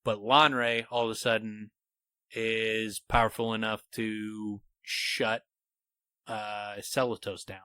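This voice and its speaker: A man's voice: fairly low pitch, slow, clear, resonant tone, dry recording. A man co-hosting a podcast, eagerly explaining a fantasy book theory in casual chat and reading passages aloud. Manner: animated, explains theories, reads quotes aloud. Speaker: podcast co-host.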